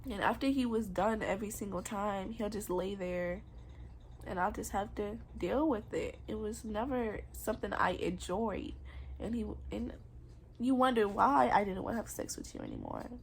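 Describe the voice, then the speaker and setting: A woman's voice: medium pitch, moderate pace, slight background noise. A young woman candidly telling a painful personal story in a confessional vlog, emotional and rambling.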